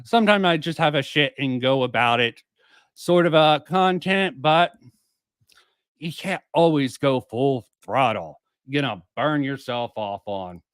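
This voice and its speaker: A man's voice: medium pitch, measured pace, a bit bright, clean tone, no echo. A man streaming casual commentary, rambling and swearing, with many fillers and restarts.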